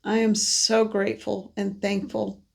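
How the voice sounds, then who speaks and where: A woman psychic card reader delivering a gentle, meandering spiritual message monologue, congested from allergies, with many pauses and restarts. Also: medium pitch, level tone, creaky.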